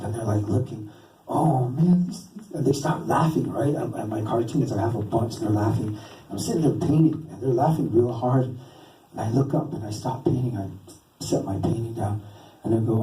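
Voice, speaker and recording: A man doing stand-up storytelling, rambling and interrupting himself with a deadpan, teasing manner. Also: medium pitch. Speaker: stand-up comedian and cartoonist. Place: stage in a venue. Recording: roomy, distant live stage recording.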